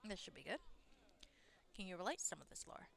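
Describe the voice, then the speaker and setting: A woman's voice: on the low side, sing-song, vocal fry, fairly bright tone, heavily acted. A woman voicing her game character, a bluff male adventurer, in an intentionally terrible put-on accent. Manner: deliberately bad put-on accent.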